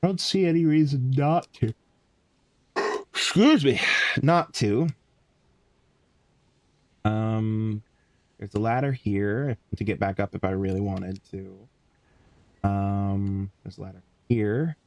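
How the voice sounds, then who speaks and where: Streaming a game, a drowsy young man mumbles casual commentary to himself, yawning and swearing here and there. His voice is on the low side and darkish, expressive but slow with frequent pauses, in a dry recording.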